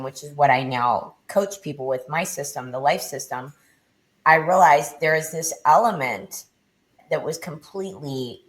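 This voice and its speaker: A middle-aged woman, a podcast guest, telling her personal story with intensity and frequent swearing. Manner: intense, swearing, low and deliberate.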